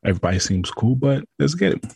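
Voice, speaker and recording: A man co-hosting a casual podcast in a put-on low sultry voice, laid-back and slangy, laughing often. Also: sing-song, fast, vocal fry, a little mellow, breathy edge, no echo. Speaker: podcast co-host.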